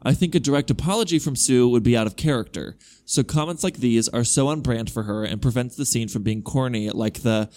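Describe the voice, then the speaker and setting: Podcast co-host, male, reads fan email in an even voice, dry asides. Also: mid-range voice, a little fast, hardly any pauses. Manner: casual, wry asides. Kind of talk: reading listener emails aloud.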